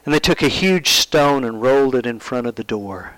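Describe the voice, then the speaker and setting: A man's voice: mid-range voice, lively intonation, moderate pace, no room sound, rough recording. Storytelling male preacher, dry sound. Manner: storytelling, asks listeners questions, drops to hushed tones. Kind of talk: sermon retelling a Bible story.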